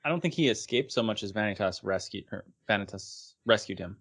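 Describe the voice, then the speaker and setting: A man's voice: lowish voice, lively intonation, fairly quick, a bit bright. Wry man chiming in on a podcast. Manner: brief wry interjections. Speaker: podcast co-host. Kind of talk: casual chat.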